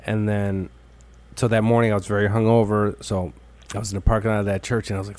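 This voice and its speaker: A man's voice: fairly low pitch, fast. A man hosts a podcast and tells crude stories in casual chat. He swears freely, laughs often and acts out quotes from the story. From Mexican-American from Illinois. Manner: profane, animated storytelling with laughs. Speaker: podcast host.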